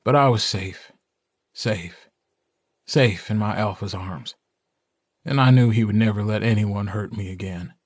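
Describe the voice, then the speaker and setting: A man narrating a fantasy audiobook in the first person, measured and dramatic. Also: fairly low pitch, no echo, studio quality.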